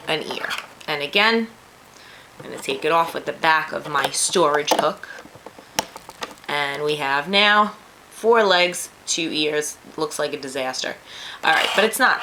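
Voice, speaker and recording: A lowish-voiced woman with a New York accent walks through a craft project step by step, chatty and quick to poke fun at her own slips. The recording is noisy, with clear background hiss and clicks. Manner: chatty, self-deprecating asides. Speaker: craft tutorial host. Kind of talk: casual step-by-step tutorial.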